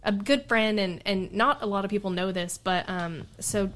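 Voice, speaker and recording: A woman guesting on a podcast, telling stories in a casual, animated way. She laughs often and acts out the lines of the people in her stories. Her pitch sits in the middle range for a woman. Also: moderate pace. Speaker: podcast guest and radio show host. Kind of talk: casual storytelling chat.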